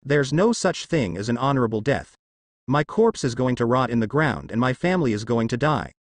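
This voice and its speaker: A man's voice: medium pitch, lively intonation, fairly quick, dry recording, clean studio sound, close to an everyday voice. A man voicing a defiant, wisecracking young male hunter with a demanding, wry way of talking.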